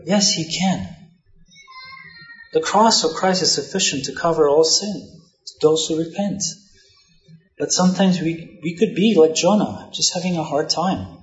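A male pastor preaches in an easygoing, talky manner, scattering asides through his points. His voice sits a little high for a man. The recording is roomy and slightly dull, as if taken in a reverberant hall. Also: measured pace, pauses often. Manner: conversational preaching with frequent "you know" asides. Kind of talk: sermon.

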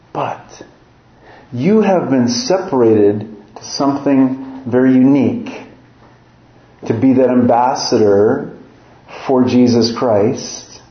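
A man's voice: mid-range voice, echoey room, dull audio, a little hiss or hum. A man from northern Minnesota with a slight Upper Midwest American accent, preaching a sermon as pastor and reading scripture aloud with earnest emphasis.

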